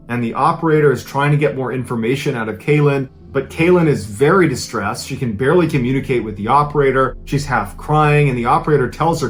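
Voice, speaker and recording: Male podcast host, relaxed conversational true-crime narration, mid-range voice, soft music bed. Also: mid-range voice, a little fast, few pauses. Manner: conversational, casual retelling.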